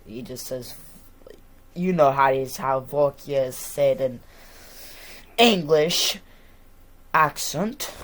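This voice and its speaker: A man's voice: mid-range voice, steady tone, unhurried, a little hiss or hum. A man with a stuffy nose talking in a casual, rambling monologue, profane and full of fillers. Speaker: vlogger.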